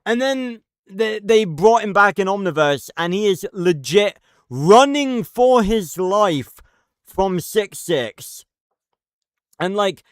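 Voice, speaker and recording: Male streamer, unhurried rambling rant, dry close sound. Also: sits high, clean tone, dry recording. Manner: rambling, profane, many fillers and restarts. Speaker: livestreamer. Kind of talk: casual live-stream commentary.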